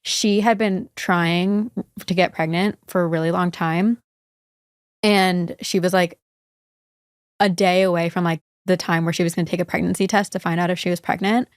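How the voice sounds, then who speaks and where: A woman's voice: lowish voice, steady tone, moderate pace, clear, resonant tone, dry recording, studio quality. A woman guest on a podcast who chats casually, often saying "like" as she tells a story. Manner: chatty, peppered with "like". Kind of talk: casual chat.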